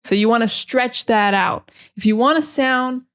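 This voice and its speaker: A woman's voice: fairly high pitch, fairly bright tone, clean tone. Chatty American woman teaching pronunciation. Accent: General American. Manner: chatty, repeats words slowly to model pronunciation. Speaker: English teacher. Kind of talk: casual pronunciation lesson.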